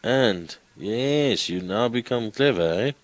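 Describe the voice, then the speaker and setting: Deep slow guy teaching greek, keeps quizzing the class. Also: animated, no room sound, low-quality recording. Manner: questioning, coaxing students. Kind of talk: classroom lecture.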